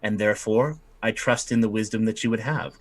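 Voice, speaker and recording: A man's voice: fairly low pitch, steady tone, a little fast, lightly acted. A man voicing a sly, imperious witch woman who curses when crossed, in a tabletop game. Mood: measured. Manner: tart, cursing when crossed.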